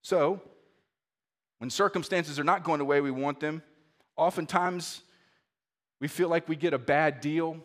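A male pastor preaching a sermon in a conversational way, asking the congregation rhetorical questions and reading scripture slowly. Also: high voice, fairly bright tone. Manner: conversational, asks the listeners repeated rhetorical questions; reads scripture slowly and deliberately.

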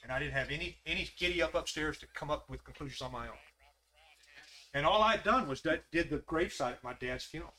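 A man's voice: fairly high pitch, fast, bright, forceful tone. A man leading a Bible study in a folksy way, asking the group questions. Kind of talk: conversational Bible study teaching.

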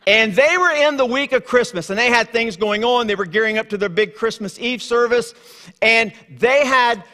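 A man preaching a sermon in a church, telling stories and moving from hushed tones to lively asides. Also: very high voice, moderate pace. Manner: storytelling, swings from hushed to lively. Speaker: guest preacher. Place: church sanctuary. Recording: long hall reverb.

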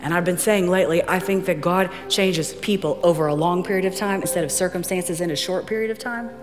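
A middle-aged woman preaching a sermon, telling a story and acting out the dialogue in lively fashion. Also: on the low side, brisk. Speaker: guest preacher. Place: church auditorium. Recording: long hall reverb, faint music.

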